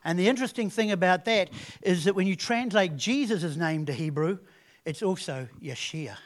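Delivering a sermon at a moderate pace, a preacher with a notably high voice recounts his story with lively animation, often breaking off to begin a phrase again.

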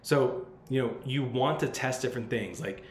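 A man hosts a podcast, handing out advice in a loose, blunt, swear-heavy way. His voice sits at a middling pitch. The room around him rings a little, with a faint hiss in the background. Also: normal speed. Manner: blunt and profane, loose and conversational. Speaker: podcast host. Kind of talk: casual advice monologue. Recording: roomy sound with faint background noise.

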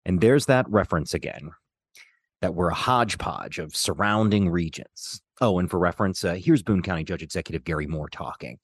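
A man narrating a scripted news feature in a measured, clear way. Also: sits low, lively intonation, dry recording, studio quality. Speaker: radio reporter and narrator.

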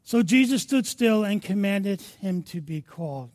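A male pastor delivers an impassioned sermon in a very high voice. He preaches slowly and deliberately, moving between hushed passages and louder, fervent ones. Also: expressive.

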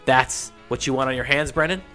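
Guy playing a frazzled sleepless coach, lecturing and defensive, bright voice. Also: medium pitch, a little fast, soft background music, natural voice. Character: sleepless frantic male coach obsessed with his writing.

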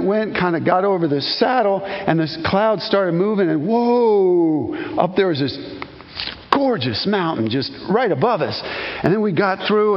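Guy preaching, fairly high voice, lively storytelling, long echo in a big hall. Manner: animated storytelling, exclaims loudly, then hushed prayer. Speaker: pastor. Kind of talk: sermon with personal story. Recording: long hall reverb, dull sound.

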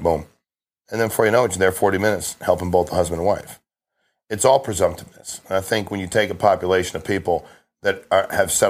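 Fast-talking low-voiced man telling stories. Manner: fast, emphatic storytelling with frequent restarts. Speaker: guest, insurance sales agent. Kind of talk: casual podcast conversation.

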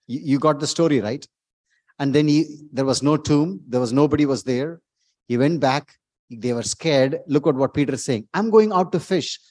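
A man preaching a sermon as pastor, emphatic, repeating words and rising to loud exclamations. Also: medium pitch, dry recording.

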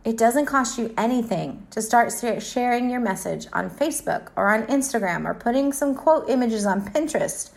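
A woman's voice: fairly high pitch, expressive, normal speed, creaky, hardly any pauses. A woman, a Christian author, giving an earnest and encouraging faith talk full of rhetorical questions.

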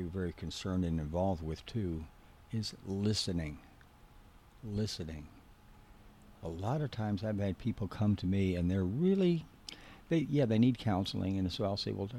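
A biblical counseling instructor with a low, mellow voice gives a teaching talk on counseling. He is earnest and direct, instructing the listener and repeating key points for emphasis. Slight background noise is present.

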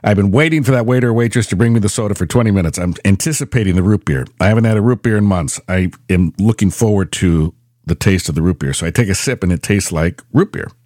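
A middle-aged man hosting his own podcast, telling stories in a rambling, animated way with frequent restarts. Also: lowish voice, fast, no echo, studio quality. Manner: rambling storyteller, animated, self-correcting. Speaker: podcast host. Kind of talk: casual monologue.

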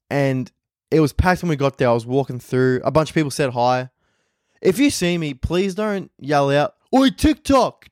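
A man's voice: medium pitch, no room sound, clean studio sound. A young Australian man, a comedian, telling rambling, profane stories in a casual podcast monologue from home.

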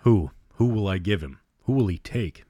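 A man's voice: lowish voice, animated, normal speed, dark tone, no echo, clean studio sound. A man reading the part of an anxious teenage girl who muses inwardly, in a storybook reading. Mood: musing.

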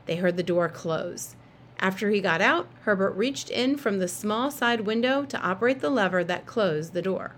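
A woman narrating a children's novel in a steady, expressive reading voice. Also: medium pitch, a little hiss or hum. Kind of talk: storybook read-aloud.

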